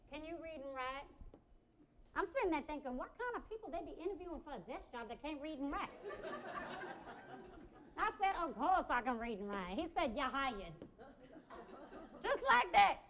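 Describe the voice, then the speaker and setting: A sassy, outspoken mother of five, played by a woman on stage rattles off her story in blunt streetwise slang. Her voice sits high and swoops up and down, full of attitude and animation. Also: fairly bright tone, a little hiss or hum. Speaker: stage actress. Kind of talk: one-woman stage play.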